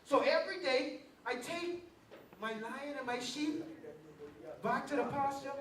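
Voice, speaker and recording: A woman preaching to a youth group, telling a story with animated calls to the audience and acted-out roars. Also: high-pitched, unhurried, a little hiss or hum. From Bahamas. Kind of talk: lively sermon storytelling. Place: large hall with a youth crowd. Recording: echoey hall from a distance. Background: crowd of young listeners.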